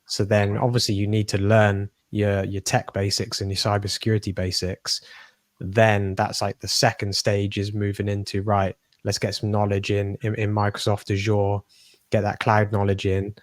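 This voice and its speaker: Flat low-voiced male podcast host. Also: moderate pace, dry recording. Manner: relaxed, repeats words while searching for phrasing. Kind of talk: casual podcast conversation.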